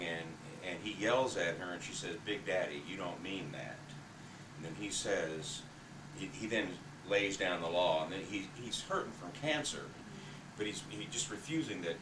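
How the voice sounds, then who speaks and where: A man's voice: low-pitched, expressive, normal speed, background noise. A man casually and hesitantly setting up his next performance for his family, hunting for the words. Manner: hesitant, searching for words, mumbled. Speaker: amateur performer entertaining family. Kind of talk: casual introduction. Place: family home. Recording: roomy, distant home video.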